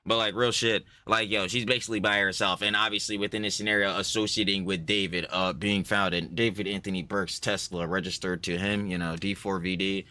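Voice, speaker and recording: A man's voice: deep voice, fairly even intonation, fairly quick, hardly any pauses, sharp tone. A man streaming a reaction, talking in a rambling, profane way with lots of filler. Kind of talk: casual reaction talk.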